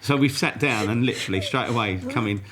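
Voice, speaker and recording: A man's voice: mid-range voice, fast talker, a crowd in the background. A man telling a story in casual chat, laughing often and acting out the back-and-forth. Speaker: podcast guest.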